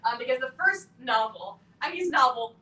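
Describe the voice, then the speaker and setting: A woman's voice: high voice, expressive, moderate pace, bright, forceful tone. A young woman, a debut author at a book launch, chatting casually with lots of "like" and "um" and frequent laughter. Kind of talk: casual chat at a live event. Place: bookstore event room. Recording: echoey room, mic at a distance, faint hiss.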